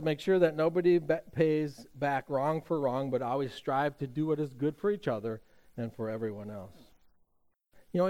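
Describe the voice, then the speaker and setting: Pastor preaching in a chatty, storytelling way. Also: male voice, fairly high pitch, darkish tone, clean tone. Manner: conversational storytelling with frequent fillers and restarts. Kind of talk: sermon.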